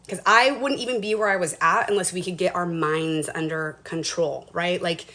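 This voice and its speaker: A woman's voice: mid-range voice, fairly bright tone. A woman in her forties from Washington State, talking in a casual, earnest and emotional way on a motivational livestream, rambling with many restarts. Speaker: lifestyle livestreamer.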